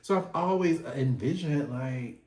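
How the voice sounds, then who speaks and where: A man gives a casual reality TV recap in a middle-pitched voice, gossipy and slangy, full of animated asides. The room adds a noticeable echo. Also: unhurried. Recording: roomy echo.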